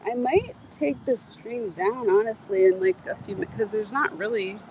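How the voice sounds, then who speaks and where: A woman's voice: on the high side, normal speed, darkish tone, poor audio. A woman chatting casually on a livestream outdoors, rambling, laughing and swearing as she talks. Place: outdoors in a community garden. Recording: faint outdoor noise.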